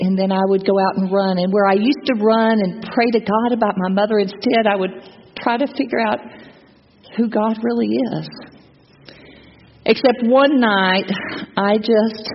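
A middle-aged woman telling her personal testimony to a church gathering in an earnest, reflective way. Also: medium pitch. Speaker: church speaker giving testimony. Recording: long reverb, dull lo-fi sound, faint noise.

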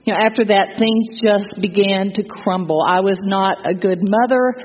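A woman's voice: mid-range voice, moderate pace. A middle-aged woman telling her personal testimony to a church gathering in an earnest, reflective way. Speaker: church speaker giving testimony. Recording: long reverb, dull lo-fi sound, faint noise.

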